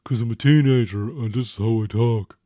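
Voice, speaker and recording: A man's voice: mid-range voice, fairly quick, warm tone, no room sound, clean studio sound, close to an everyday voice. A man putting on a whiny sulky teenage son. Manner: whiny, dismissive, mocking. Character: sulky future teenage son, sixteen, embarrassed by dad.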